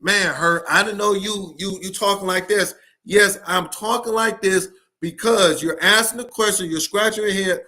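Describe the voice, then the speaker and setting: Emphatic high-voiced man, bright tone. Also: moderate pace. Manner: emphatic, repeats key points. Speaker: education speaker. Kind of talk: passionate solo talk to camera.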